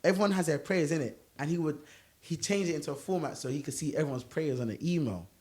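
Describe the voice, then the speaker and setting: Young guy on a podcast, kinda high voice, tells stories all animated, acts out what he said. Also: quick pace. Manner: animated storytelling, acting out his own prayers. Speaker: podcast co-host. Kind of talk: casual group chat.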